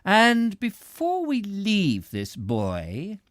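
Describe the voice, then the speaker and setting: A man voicing a placid, probing official in an audiobook reading, speaking slowly and softly. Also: sits high, huge pitch swings, no room sound, studio quality, voice pushed up, heavily acted. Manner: slow, soft and unhurried, drawn-out questions. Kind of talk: audiobook character voice.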